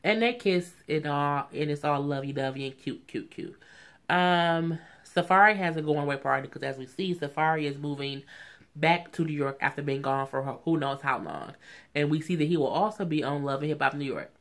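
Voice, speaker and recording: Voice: moderate pace, fairly bright tone. A vlogger recapping a reality show in a casual, opinionated chat, often saying "you know what I'm saying". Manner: acts out quotes in a high, mocking voice.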